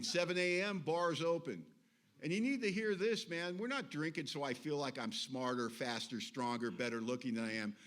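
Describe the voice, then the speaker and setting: A man's voice: fairly high pitch, fairly bright tone. A middle-aged man speaking at a recovery meeting, telling his story in a wry, confessional way that grows impassioned.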